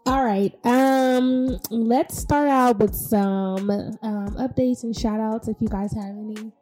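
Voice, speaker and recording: A woman's voice: on the high side, steady tone, takes it slowly, warm tone, soft background music. A young adult woman hosting a casual podcast chat, upbeat and chatty, laughing often. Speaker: podcast host.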